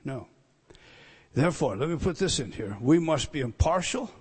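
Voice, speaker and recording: An older male preacher delivers a sermon in a fairly high voice, repeating key phrases for emphasis. He drops to a hush, then climbs to ringing declarations. The long reverb of a large hall trails behind his words. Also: expressive, moderate pace, breathy edge. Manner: emphatic, swings from hushed to loud, repeats phrases.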